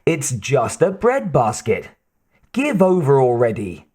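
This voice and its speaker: An exasperated crew member, as a male audiobook reader puts them on, scolding with impatience. The delivery is slow and heavy. The pitch is middling. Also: huge pitch swings, a little mellow, breathy edge, full character voice.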